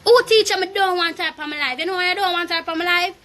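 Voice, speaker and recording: Young Jamaican woman, high bright voice, loud profane livestream rant, phone mic. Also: fairly even intonation, fast talker. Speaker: Instagram live streamer.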